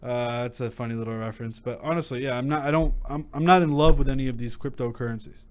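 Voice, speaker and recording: A man's voice: medium pitch, fast. Young male host, casual and blunt, lots of fillers and restarts. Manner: chatty, frank, full of fillers and restarts. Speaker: crypto channel host. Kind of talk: casual vlog commentary.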